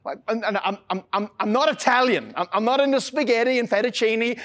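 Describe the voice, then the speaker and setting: A man's voice: very high-pitched, brisk, a bit bright. A middle-aged Australian man and pastor, giving a sermon in an earnest, self-deprecating way with a casual, joking streak.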